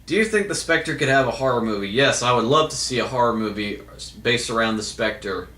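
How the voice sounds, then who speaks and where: A man casually answering viewer questions, hesitant and full of fillers and restarts. His voice sounds bright and a little sharp, at a middle pitch. The recording rings noticeably in an echoey room. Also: expressive, brisk. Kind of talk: casual Q&A monologue.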